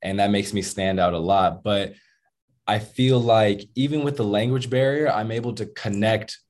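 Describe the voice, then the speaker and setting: A young American man, a musician, telling stories in a casual interview with laid-back slang and animated retelling. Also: on the low side, normal speed. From United States. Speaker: musician and rapper.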